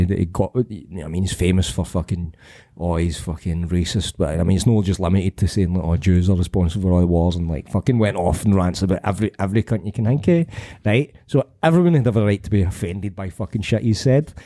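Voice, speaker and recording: Scottish male co-host, warm dark tone, swears freely, rambles with animation. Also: low voice, fast talker. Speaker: podcast co-host. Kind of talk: casual banter.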